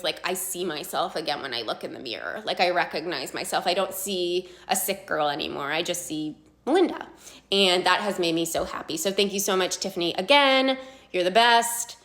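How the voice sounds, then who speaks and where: A woman's voice: lowish voice, a bit bright. Chatty young woman vlogging. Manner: chatty, filler-heavy, earnest. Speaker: patient sharing her story. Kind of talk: casual vlog talk.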